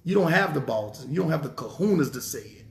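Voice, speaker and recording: A man's voice: a little high, expressive, a little fast, vocal fry. A man preaching a sermon in an emphatic style, repeating rhetorical questions. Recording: roomy echo.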